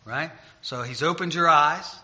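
A male preacher speaks in a loose, conversational way and turns loud and emphatic as he retells stories. His voice is fairly high and very bright. The recording sounds dull and lo-fi. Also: a little slow. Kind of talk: informal sermon.

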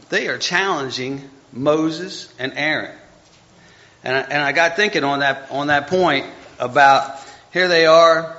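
A man's voice: on the high side, unhurried, pushed and bright. A man leading an informal Bible study, rambling and correcting himself as he stumbles over hard names. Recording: dull lo-fi recording.

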